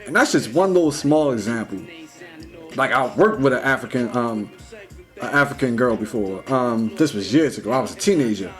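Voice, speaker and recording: A young man talking in a casual, rambling vlog monologue, full of "like" and "you know", slangy and animated. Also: medium pitch, normal speed, faint music behind. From United States. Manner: rambling, heavy use of "like" and "you know", restarts; slangy, animated when retelling. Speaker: vlogger.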